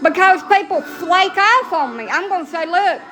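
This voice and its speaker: A middle-aged Southern-accented woman from Alabama, a vlogger, rambles casually in a blunt, salty, profane way and laughs at herself. Her very high voice is animated, pushed and bright, moving at a moderate pace with faint music playing behind her.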